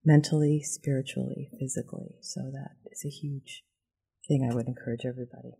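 Woman guest, gravelly low-key voice, earnest and even. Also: fairly quick. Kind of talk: casual group talk.

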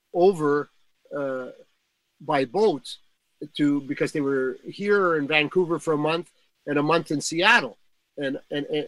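A man's voice: on the high side, a bit bright, no room sound, rough recording. An older man telling a long backstage anecdote in casual talk, rambling with fillers and restarts. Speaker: guest storyteller.

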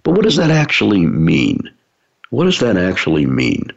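A man's voice: low voice, huge pitch swings, moderate pace, vocal fry. A man giving an explanatory talk to a business audience, using everyday analogies with frequent fillers. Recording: dull lo-fi recording.

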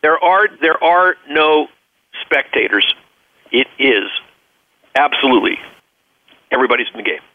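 A man's voice: medium pitch, expressive, moderate pace, gravelly, pauses often, dry recording. Earnest guy talking business over a phone line, dry tinny sound, tells stories. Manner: earnest, storytelling, repeats words while searching. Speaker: interview guest, business leader. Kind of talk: radio phone interview.

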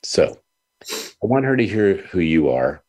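A man hosting an interview talk show, speaking earnestly with halting pauses and repeated words. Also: low voice, sing-song, a little mellow. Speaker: radio show host.

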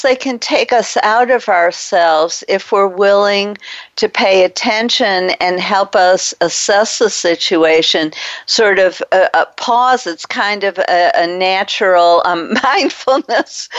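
A woman hosting an interview who speaks in a measured, reflective way, often pausing and restarting as she searches for words. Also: medium pitch, no echo. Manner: measured, thoughtful, with hesitant restarts. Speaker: interview host. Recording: dull lo-fi sound, dry.

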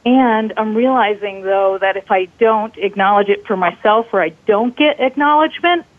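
A woman's voice: mid-range voice, moderate pace, dry recording. Woman calling in over a tinny phone line, earnest and grateful, dry sound. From Colorado, US. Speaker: caller. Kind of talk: call-in question.

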